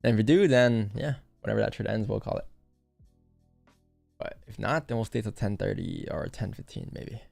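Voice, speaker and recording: Young man, livestream host, casual chat, gravelly, lowish voice. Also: normal speed, darkish tone, faint music behind. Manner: laid-back, talks to chat directly.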